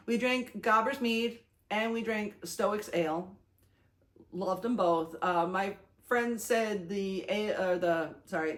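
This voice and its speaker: Chatty excited woman vlogger. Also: fairly low pitch. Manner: excited, chatty, gushing with many fillers and restarts. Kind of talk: casual talking-head vlog.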